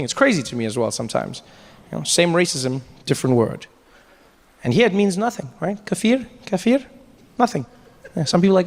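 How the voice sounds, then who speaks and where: A South African man performing a stand-up comedy set, telling stories animatedly and acting out voices. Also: fairly high pitch. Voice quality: animated storytelling, acts out voices. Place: stage in a large hall with live audience. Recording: live hall reverb with audience noise.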